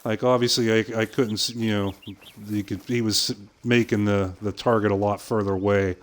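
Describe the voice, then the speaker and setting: An older man streaming a game, casually telling a long story with swearing and quick impressions of other people. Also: lowish voice, fairly even intonation. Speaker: gaming streamer. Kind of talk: casual storytelling while playing.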